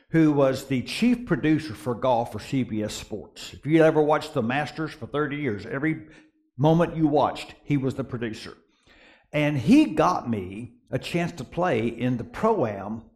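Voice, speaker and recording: A middle-aged man preaching a sermon as a pastor, telling stories with lively swings from quiet asides to excited peaks. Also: medium pitch, normal speed. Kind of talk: sermon with storytelling.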